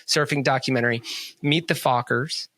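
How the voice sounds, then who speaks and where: A man's voice: medium pitch, fairly even intonation, normal speed, bright, forceful tone, no room sound. Male podcast co-host, enthusiastic rambler, plain mid voice, dry close mic. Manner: rambling, enthusiastic, many restarts. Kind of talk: casual chat.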